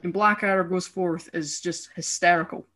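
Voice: medium pitch, fairly even intonation, normal speed, pushed and bright. A young adult speaker from Scotland with a Scottish accent, chatting casually on a podcast and rambling animatedly with frequent restarts. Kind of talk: casual chat.

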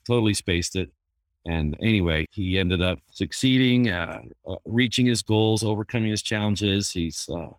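A therapist chats casually, a man with a somewhat low voice who drifts through anecdotes with easy fillers. The sound is dry and close, with no room around it. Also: dry recording. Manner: easygoing, anecdotal, many fillers. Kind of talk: casual storytelling.

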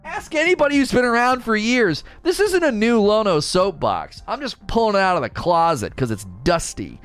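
A young man rants on his livestream with fired-up indignation, his voice swinging up and down. It sits a bit high for a man, and soft music plays faintly underneath. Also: normal speed, clean tone. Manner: animated, indignant ranting with mocking quoted voices. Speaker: streamer. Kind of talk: casual livestream rant.

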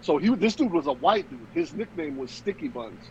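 A man's voice: on the high side, big pitch swings, moderate pace, highs cut off, slight background noise. A young man co-hosting a podcast, telling a story in casual, swearing chat and laughing often. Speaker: podcast co-host.

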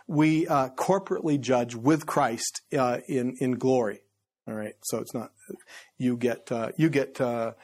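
A man's voice: mid-range voice, unhurried, a little mellow. A man, a pastor, teaching through a Bible letter in a loose, conversational sermon, with many fillers and restarts, and rising emphasis when he quotes.

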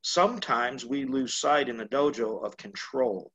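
A man who teaches martial arts, explaining in a measured way in a casual discussion. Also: mid-range voice, fairly bright tone, slightly rough. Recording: slightly dull, lo-fi sound.

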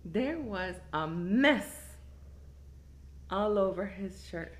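A young woman, telling a crude story in casual chat, animated and laughing often. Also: mid-range voice, drawn-out words. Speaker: storyteller guest.

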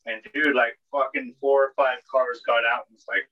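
A man's voice: mid-range voice, little pitch movement, normal speed, pushed and bright. A man, co-hosting a podcast and telling a story in a casual, rambling way, full of filler words and swearing. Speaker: podcast co-host. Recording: dull lo-fi podcast audio.

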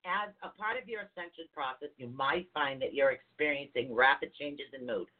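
A woman's voice: low voice, moderate pace. Chatty woman on a tinny line. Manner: chatty, animated storytelling. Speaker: podcast co-host, holistic counselor. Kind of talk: casual spiritual chat. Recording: tinny phone-like audio.

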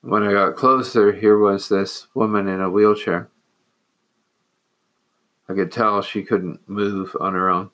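Low, level-voiced monk telling a story. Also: male voice, fairly even intonation, a bit bright. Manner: measured, earnest, with hesitant pauses. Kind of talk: personal storytelling.

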